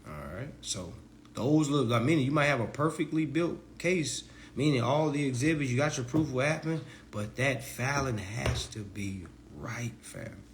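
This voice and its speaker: Speaking a little slowly and with animation, a man teaching legal self-help lectures followers on a loose, slangy livestream, his pitch jumping around as he mocks people in high voices. A faint hiss runs beneath the whole recording.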